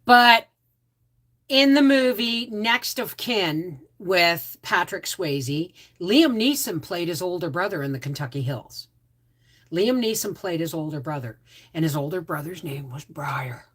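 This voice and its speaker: A woman's voice: on the low side, expressive, a little slow, a bit bright. A woman hosting a casual livestream, rambling with frequent restarts and asides. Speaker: homestead channel host.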